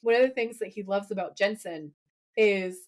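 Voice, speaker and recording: A woman co-hosting a podcast in casual chat, recapping a TV episode with lively, laughing quotes of the characters. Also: mid-range voice, normal speed. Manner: animated, laughing, quoting characters in playful voices.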